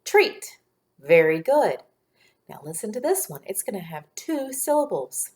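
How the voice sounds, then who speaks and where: A woman teaching a phonics lesson to young children in a patient, clear teacher voice, sounding out letters one by one. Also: mid-range voice, sing-song, unhurried.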